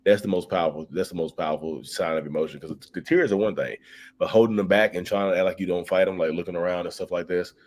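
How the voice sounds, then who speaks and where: Deep-voiced man chatting animatedly on a live stream. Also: fast, a little hiss or hum. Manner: animated, reads viewer comments aloud and acts them out; repeats words while finding them. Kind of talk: casual live stream chat.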